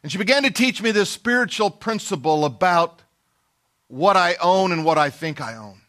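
A middle-aged man preaches with a high, bright voice. He tells a personal story in a folksy, self-deprecating way and slips into the voices of the people he quotes. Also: expressive, normal speed. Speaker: pastor. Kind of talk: sermon storytelling.

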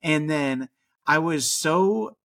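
A man in his thirties hosting a fan podcast, chatting excitedly and casually. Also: a little high, slow, gravelly. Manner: excitable, says freaking a lot. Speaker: podcast host.

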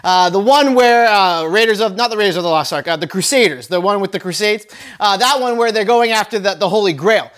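A man preaching a conversational sermon as pastor, often repeating words and dropping into quiet whispers for emphasis. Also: high voice, a little fast.

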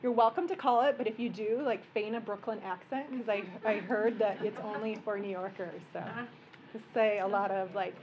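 A woman, a physician giving a relaxed, joking medical workshop lecture in a conference room. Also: medium pitch, a little fast, lo-fi sound, background noise. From American Midwest. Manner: conversational and joking, explaining plainly.

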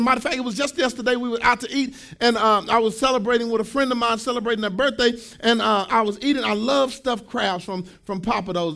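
A man in his thirties preaching a sermon as pastor, with a sing-song cadence that rises to shouts. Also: very high voice, creaky.

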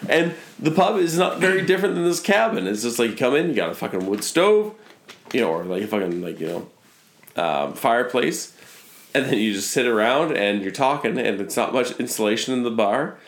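A man's voice: fairly low pitch, sing-song, brisk. Guy rambling and cussing through a story, lots of restarts, echoey cabin room. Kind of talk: casual chat. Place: wooden cabin.

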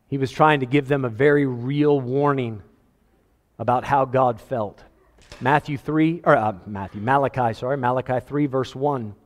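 A man preaching a sermon as pastor, animated, quoting scripture and acting out voices with a chuckle now and then. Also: medium pitch, long reverb tail. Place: church sanctuary.

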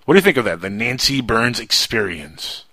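A man's voice: medium pitch, big pitch swings, moderate pace, sharp tone, no room sound. A man hosting a casual radio talk show, rambling and jokey. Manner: rambling, jokey storyteller who slips into impressions.

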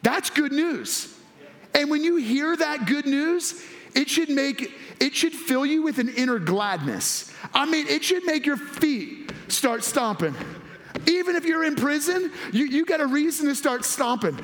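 High-voiced, excitable male preacher. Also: a little slow. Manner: excitable and animated, swinging between hushed and loud, half-laughing. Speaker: pastor. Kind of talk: sermon.

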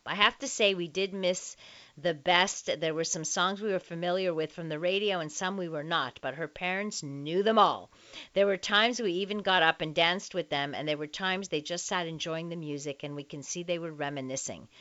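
A woman's voice: on the low side, sharp tone. A woman hosting a late-night radio talk show, reading listener letters aloud in a chatty way, with frequent ums and uhs. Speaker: radio call-in show host. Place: radio studio. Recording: dull lo-fi radio broadcast.

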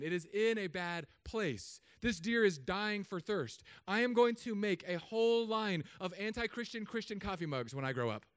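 A man in his thirties from Southern California, a pastor giving a humorous sermon with animated storytelling and put-on voices. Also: high-pitched, smooth, no room sound.

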